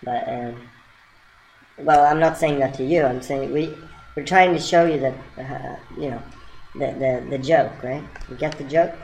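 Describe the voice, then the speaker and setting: A woman telling a surreal, playful story in a halting, rambling way with many restarts. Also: a bass voice, creaky, darkish tone, rough recording. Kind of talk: rambling spoken monologue.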